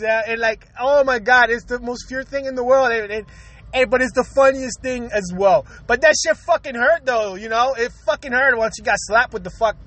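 A man with a very high, bright, tense voice tells rowdy comic stories in a loose podcast chat. He swears constantly, laughs through his lines and hammers his points with loud emphasis. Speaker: podcaster recalling his own episode. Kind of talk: casual comic storytelling.

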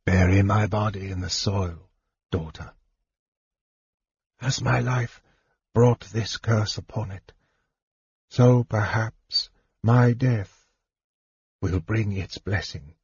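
A man doing a dying elf king, solemn and hushed. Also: fairly low pitch, slow pace, long pauses, breathy edge, no echo, lo-fi sound, full character voice.

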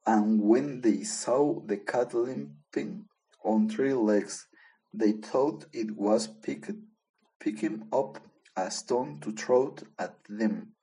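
A man's voice: medium pitch, slow pace, warm tone, low-quality recording. A man reading a simple-English story aloud, plain and careful, with small slips.

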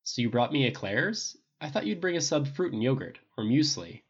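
A man voicing a sardonic adult male genius inventor with a quick, blunt, wry way of talking, on a dull lo-fi recording. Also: mid-range voice, very animated, slightly rough, pitched above the performer's own voice.

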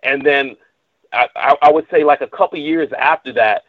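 A man's voice: medium pitch, normal speed, dry recording. A man hosting a casual chat, rambling and repeating himself as he reacts. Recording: tinny phone-like line.

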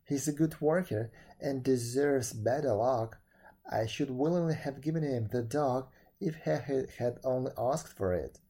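Man playing a mild, good-humored storybook neighbor, husky warm tone. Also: mid-range voice, unhurried. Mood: forgiving. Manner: mild, forgiving, hearty laughter. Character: calm, kindly, laughing man Lin.

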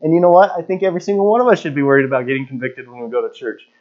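Rapid-fire and lively, this man in his thirties has a mid-range voice and preaches as a pastor in a dull lo-fi recording. His sermon is conversational, full of stories and casual fillers.

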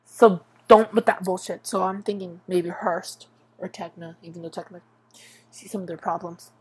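A woman's voice: lowish voice, steady tone, normal speed, darkish tone, slightly rough. A young woman hosting a podcast, talking in a rambling, self-interrupting way that often stops and restarts, swearing freely, her voice tired and strained. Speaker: podcast host. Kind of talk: casual monologue about TV.

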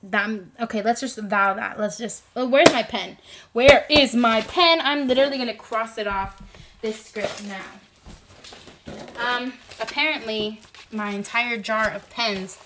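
A young woman talking through a casual solo podcast. She rambles in an animated way and fills her talk with "like" and "um." Her voice sits fairly high. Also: a little slow, background noise. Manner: rambling, animated, lots of fillers. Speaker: podcast host.

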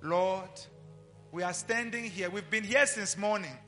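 A man's voice: high-pitched, unhurried, sharp tone, faint music behind. A man leading an earnest, pleading congregational prayer at a live church service. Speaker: prayer leader.

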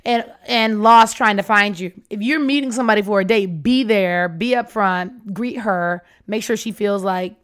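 A woman telling a dating story in a casual, animated way, swearing freely and acting out both sides of the talk. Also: fairly high pitch. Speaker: podcast storyteller.

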